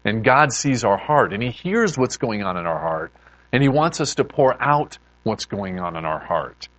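A man preaching in a relaxed, chatty way, often stopping to restart a sentence. His pitch swings widely as he talks. The sound is dry and close, with no room echo. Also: moderate pace. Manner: animated, conversational preaching with many restarts. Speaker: pastor. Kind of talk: sermon.

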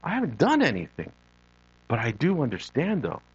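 A mid-range voice with a breathy edge moves at a moderate pace, though the audio sounds dull. It belongs to a middle-aged lay preacher and missionary whose unscripted sermon is earnest storytelling drawn from his own life, complete with animated impressions of the people he quotes.

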